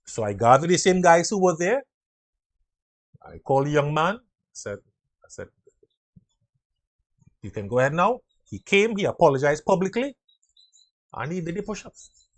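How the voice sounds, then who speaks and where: A middle-aged man speaks earnestly on leadership, his fairly high voice leaping up and down in pitch. He swings between loud bursts and soft asides, acting out quotes and sounds as he goes. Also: sing-song, moderate pace, long pauses. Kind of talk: motivational talk.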